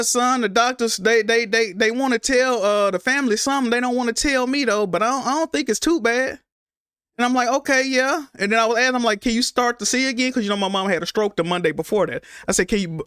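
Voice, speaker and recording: A young man telling his stream viewers an emotional story, halting and repeating himself as he talks. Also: high voice, a bit bright, dry recording, studio quality.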